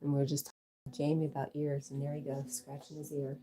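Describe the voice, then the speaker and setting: A woman's voice: sits low, monotone, fairly quick, rough recording. A woman hosting a casual livestream, reading viewer comments aloud and chatting with her dog. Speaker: livestream host.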